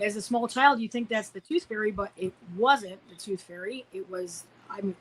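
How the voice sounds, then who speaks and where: A woman's voice: medium pitch, fairly bright tone, slight background noise, poor audio. A woman in her forties from Illinois, a podcast guest telling a personal story in a rambling way, with many fillers and restarts. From Illinois, United States. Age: 40s.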